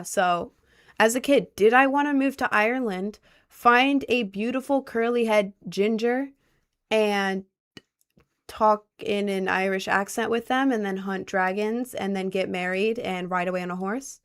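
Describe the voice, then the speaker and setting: A woman's voice: mid-range voice, steady tone, slow. Young woman streamer, casual and sarcastic. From Maryland, USA. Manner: playful, answers chat questions with dry sarcasm. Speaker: streamer reading chat. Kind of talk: casual livestream chat.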